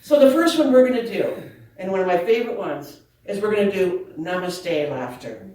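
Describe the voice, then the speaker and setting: A woman leads a group through a laughter yoga talk, playful and quick to laugh. Her voice reaches the mic from a distance and rings around a very echoey community hall. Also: medium pitch. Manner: lively and laughing, playful asides.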